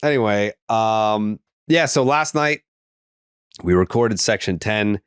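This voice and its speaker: A man's voice: lowish voice, animated, slow, smooth, no room sound, clean studio sound. A man from the Boston area with a faint Boston accent, co-hosting a podcast and telling rambling stories with plenty of swearing and restarts. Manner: loose storytelling, swears freely, many likes and restarts. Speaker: podcast co-host. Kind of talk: casual chat.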